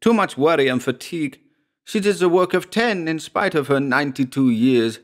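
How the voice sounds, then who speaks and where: A man's voice: a little high, expressive, normal speed, voice pushed up, close to an everyday voice. A thin, hesitant peasant pleads and bargains in a lifted, nervous voice, done by a man narrating the tale. He stammers and wheedles, always counting his coins. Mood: wheedling. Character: stingy, hesitant peasant farmer son.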